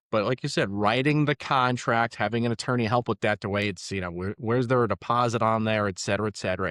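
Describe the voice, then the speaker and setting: Deep-ish guy talking fast about loans, lots of uhs, dry mic. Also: no echo. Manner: quick, conversational, frequent fillers. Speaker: mortgage lender. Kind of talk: casual podcast discussion.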